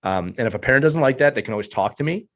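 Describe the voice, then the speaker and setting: A man's voice: mid-range voice, expressive, racing, a bit bright. A man hosting a hockey podcast in casual chat, making emphatic points and tagging them with "right?". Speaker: podcast host.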